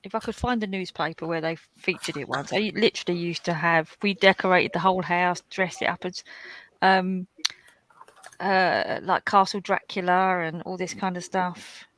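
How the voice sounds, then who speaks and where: A woman's voice: lowish voice, steady tone, normal speed, a bit bright, a little hiss or hum, rough recording. A woman hosting a live colouring stream, telling chatty anecdotes in casual talk. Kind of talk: casual chat.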